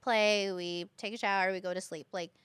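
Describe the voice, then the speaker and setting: A young woman who teaches kindergarten, chatting casually as a podcast guest and telling stories with lively quoted voices. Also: medium pitch, normal speed, clear, resonant tone, no echo.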